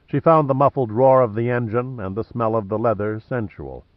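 A man narrating an audiobook in a measured, even way. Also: medium pitch, dry recording, lo-fi sound. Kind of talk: scripted narration.

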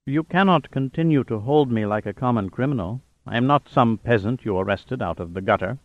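A man voicing a cold, proud older captive tycoon who speaks quietly and with authority. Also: mid-range voice, brisk, no echo, dull audio, natural voice. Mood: haughty.

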